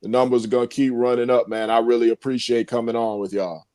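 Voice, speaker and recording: Friendly man guest, middle-pitched voice, dry close sound, casual chat. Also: level tone, fast talker, warm tone, no echo. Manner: friendly, says "man" and "y'all" often. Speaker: guest, sports talk host.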